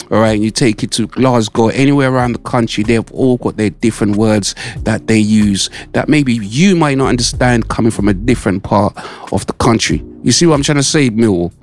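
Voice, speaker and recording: A man, hosting a radio show in casual chat, repeating himself and saying "mate" and "all right". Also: mid-range voice. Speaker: radio host. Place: radio studio.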